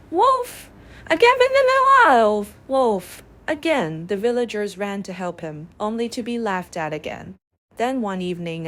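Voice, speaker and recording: A woman narrating bedtime fables in a calm, measured way. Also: fairly low pitch. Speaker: storyteller.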